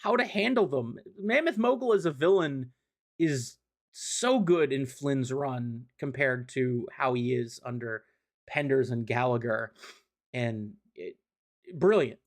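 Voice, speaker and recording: A male streamer talks through a comic storyline in a loose, rambling way, with plenty of swearing and filler words. He sits at a mid pitch and gushes with fan enthusiasm over the writing he likes. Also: animated, slow pace. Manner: loose and profane, lots of "um" and "like". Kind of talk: casual recap commentary.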